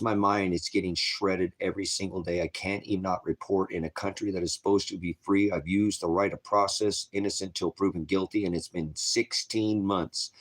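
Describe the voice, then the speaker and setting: Brief: low-voiced grieving father, tearful and pleading, cracking up on camera. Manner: distraught, voice breaking, pleading and self-blaming. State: crying, struggling to keep composure. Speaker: father making a video appeal. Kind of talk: emotional personal video message.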